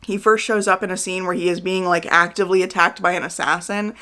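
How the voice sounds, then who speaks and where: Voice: medium pitch, level tone, fast, bright, forceful tone, smooth. A book vlogger around thirty giving a chatty, candid reading wrap-up, with lots of "like" fillers. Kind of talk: casual monthly reading wrap-up.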